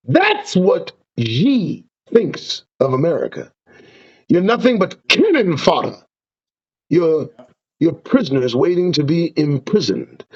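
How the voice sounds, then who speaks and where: A man hosting his own show, ranting with profanity and preaching warnings. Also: sits high. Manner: profane, preaching, lively ups and downs. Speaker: show host. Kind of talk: impassioned ranting commentary. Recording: dull lo-fi sound.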